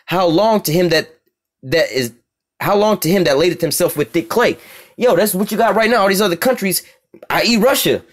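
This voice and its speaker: Fast-talking, high-voiced American man preaching. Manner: profane, blunt, keeps asking "you see what I'm saying". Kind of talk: scripture reading with street-talk commentary.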